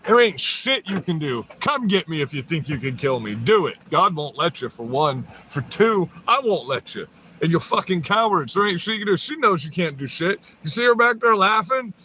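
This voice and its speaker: High, bright, profane ranting man. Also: sing-song, moderate pace, a little hiss or hum. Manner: profane, confrontational, taunting. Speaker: livestreamer. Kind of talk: livestream rant.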